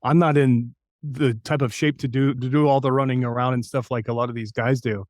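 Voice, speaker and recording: An older man from New Mexico tells his career stories in an anecdotal, self-deprecating way. His voice sits at an ordinary middle pitch. It is recorded close and dry, with no room sound. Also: fairly even intonation, brisk, darkish tone, no echo. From New Mexico, United States. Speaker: voice actor guest. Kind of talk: storytelling interview.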